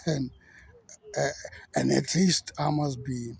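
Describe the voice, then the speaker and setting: A man who preaches as a pastor, giving an outspoken, measured monologue in a gravelly voice. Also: medium pitch, steady tone, darkish tone. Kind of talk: reflective monologue.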